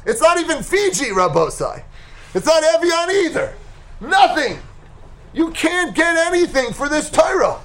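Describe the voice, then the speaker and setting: A man voicing an indignant, sheltered young male scholar in a told story, shouting his outraged complaints. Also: fairly high pitch, expressive, moderate pace, long pauses, slight background noise, natural voice.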